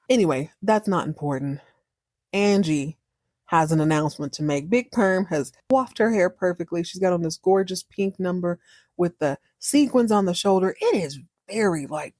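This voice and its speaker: A woman hosts a podcast, recapping a TV series in a sassy, animated, folksy way with wry asides. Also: on the low side, no room sound, studio quality. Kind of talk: casual recap monologue.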